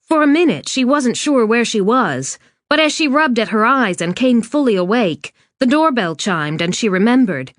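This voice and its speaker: A woman's voice: medium pitch, fairly bright tone, no room sound. Woman narrating an audiobook, dry and close. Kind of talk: scripted narration. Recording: dry studio read.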